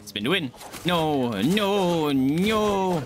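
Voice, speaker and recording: A man streaming a game, chatting casually and shouting and swearing at enemies, with game music behind. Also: fairly high pitch, very slow. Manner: excitable, yelling and swearing at enemies. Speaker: gaming streamer. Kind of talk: casual let's-play commentary.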